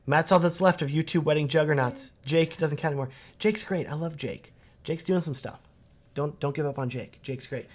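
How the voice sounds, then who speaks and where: A man in his thirties hosting a casual livestream, answering viewer questions in a relaxed, chatty way. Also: fairly high pitch, brisk. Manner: casual and chatty, reads viewer comments aloud. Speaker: wedding filmmaker and livestream host.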